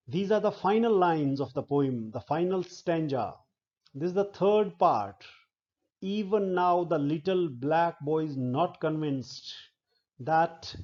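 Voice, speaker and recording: A man lecturing on a poem, explaining it slowly and step by step and often repeating words. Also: fairly high pitch, a little mellow, muffled recording. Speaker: literature lecturer.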